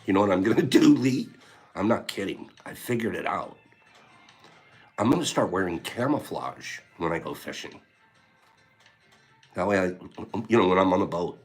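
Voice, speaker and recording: A man's voice: low voice, lively intonation, moderate pace, pauses often, faint music behind. A man hosting a casual livestream, rambling and teasing as he reads viewer comments, laughing often. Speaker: livestream host.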